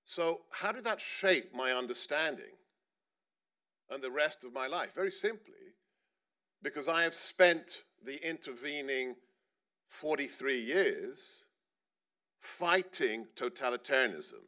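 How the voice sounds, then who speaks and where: Man, middle-aged, panel speaker, earnest storytelling, emphatic rises, bright voice. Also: mid-range voice, expressive, slow. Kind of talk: personal speech at a panel. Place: stage at a panel event.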